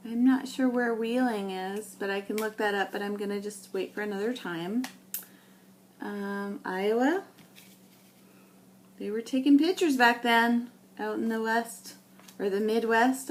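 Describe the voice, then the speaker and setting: A New England woman who makes scrapbooking videos chats casually while sorting old photos, thinking aloud at an unhurried pace with many ums. Her voice is mid-range, and the recording has a little hiss or hum.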